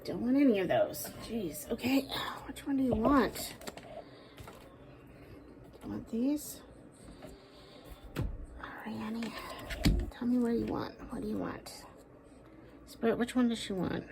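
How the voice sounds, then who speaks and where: A woman doing a casual tarot reading, talking aloud to a spirit, with sighs, pauses and soft asides. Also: fairly high pitch, gravelly, noisy background. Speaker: tarot card reader.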